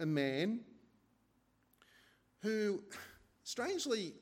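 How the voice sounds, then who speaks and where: A man preaching an expository sermon in a conversational way, often asking his listeners rhetorical questions. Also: a little high. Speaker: pastor.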